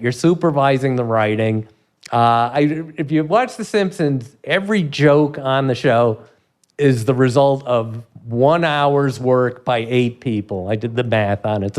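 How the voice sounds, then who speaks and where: A man in his sixties, a comedy writer telling stories in an interview, animated and laughing often as he acts out quotes. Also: mid-range voice. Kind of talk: storytelling in a podcast interview.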